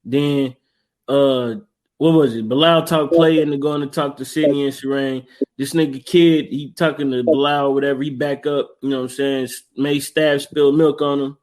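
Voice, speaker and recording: A man's voice: mid-range voice, fairly even intonation, moderate pace, darkish tone. A man co-hosting a casual movie podcast, animatedly retelling scenes with slangy, laughing storytelling. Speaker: podcast co-host. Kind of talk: casual movie recap chat.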